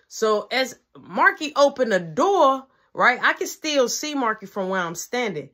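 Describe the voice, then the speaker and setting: A woman's voice: fairly high pitch, a little slow, hardly any pauses. A woman telling a personal story in a casual, slangy way, acting out the dialogue as she goes. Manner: slangy, animated retelling with quoted dialogue.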